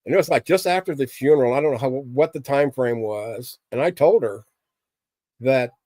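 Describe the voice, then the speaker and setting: A man's voice: mid-range voice, moderate pace, mellow, no echo. A middle-aged man hosting a casual livestream, talking candidly with viewers in a rambling, plain-spoken way. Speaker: livestream host chatting with viewers.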